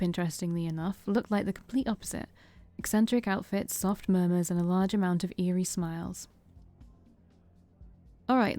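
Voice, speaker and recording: Woman streamer narrating a visual novel: steady, mellow, dry close mic. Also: on the low side, dry recording. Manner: steady narration with small stumbles. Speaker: let's-play streamer. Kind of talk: reading a visual novel aloud.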